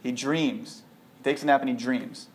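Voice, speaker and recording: A man giving an informal Torah talk, animated and conversational, full of rhetorical questions. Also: medium pitch, moderate pace. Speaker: Torah teacher. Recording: echoey room.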